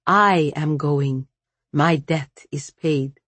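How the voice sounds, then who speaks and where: A woman's voice: low-pitched, very slow, fairly bright tone, husky, no room sound, heavily acted. A woman reading the lines of a proud golden fire mare, speaking in a curt, matter-of-fact, indifferent way.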